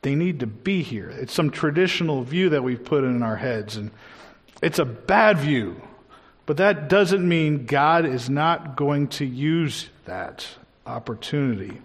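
A man preaching a sermon earnestly, slowing down to stress his key words. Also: on the high side, animated, breathy edge. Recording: long hall reverb.

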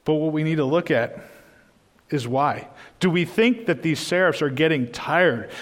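A man's voice: a little high, animated, normal speed, big-room sound. A man preaching a sermon in a church, earnest and emphatic, often repeating his phrases.

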